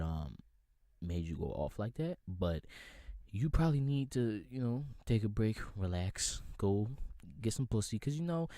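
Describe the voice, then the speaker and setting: Animated, profane male podcast host. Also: dry recording. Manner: animated, profane, swings from shouting to low mumbling. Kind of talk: heated comedic rant.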